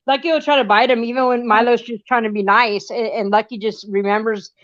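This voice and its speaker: A woman's voice: on the high side, steady tone, a little fast, dry recording. A chatty woman with a mid-range voice rambles through a casual live chat and coos at her cat in baby talk. Her audio is dry and a little muffled, like lo-fi stream sound.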